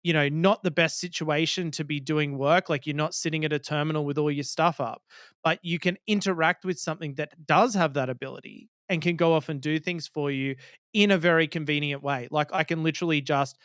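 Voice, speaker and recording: A man's voice: a little high, steady tone, brisk, fairly bright tone, clean tone, no echo, clean studio sound. A man co-hosting a podcast in casual tech chat, talking with enthusiasm and acting out little quotes to make his point. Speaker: podcast co-host.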